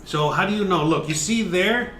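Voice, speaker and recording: A man's voice: high voice, moderate pace, a bit bright, reverberant, slight background noise. A man hosting a casual cooking livestream, chatting and explaining each step, cursing now and then. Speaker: cooking show host.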